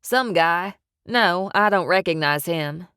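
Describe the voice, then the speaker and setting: A woman's voice: lowish voice, slow pace, a bit bright, smooth, no room sound, studio quality. A woman voicing a heavyset young male henchman who talks bluntly and offhand.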